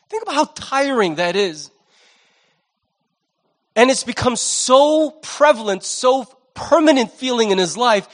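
A man in his forties preaching a sermon as pastor, animated, acting out the voices of the people he quotes. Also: high voice.

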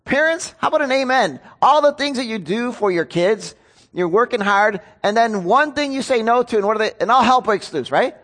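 A pastor preaches in a casual, conversational way, tossing questions out to his congregation. His voice sits on the high side for a man, and he pokes fun at himself as he talks. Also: expressive, fairly quick, a bit bright. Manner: conversational, self-deprecating, asks the congregation questions. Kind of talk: sermon.

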